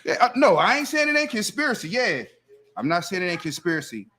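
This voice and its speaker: A man's voice: high-pitched, big pitch swings, fast talker, bright, forceful tone. A man in casual podcast debate, talking emphatically and profanely as he builds his point.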